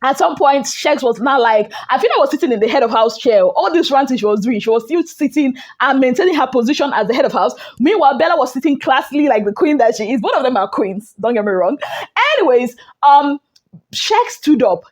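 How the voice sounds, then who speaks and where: A woman with a Nigerian accent, a gossip vlogger giving a dramatic, animated recap of a reality show and acting out the quotes. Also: high-pitched, a little fast.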